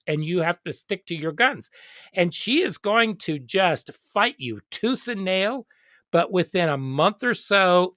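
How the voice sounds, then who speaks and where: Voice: mid-range voice, a bit bright, no echo, clean studio sound. An educator hosting a casual interview, telling stories expressively and quoting others. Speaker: host, educator.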